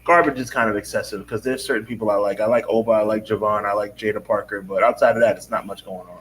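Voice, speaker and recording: A man co-hosting a wrestling podcast, chatting in a relaxed way and answering with short affirmations. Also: lowish voice, fast, slight background noise, rough recording. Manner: laid-back, short affirmations. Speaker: podcast co-host. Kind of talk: casual live-stream chat.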